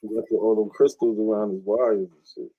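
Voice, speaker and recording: A man's voice: lowish voice, fairly even intonation, fairly quick, breathy edge, narrow, tinny audio. A man hosting a live audio panel, speaking in a laid-back way and laughing easily.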